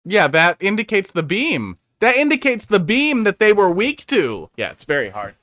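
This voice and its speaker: A man's voice: high-pitched, huge pitch swings, normal speed, a bit bright, no room sound, clean studio sound. A man giving casual, sarcastic commentary while reviewing viewer-made game levels on a stream, over faint game music. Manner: sarcastic, jokey, chatty.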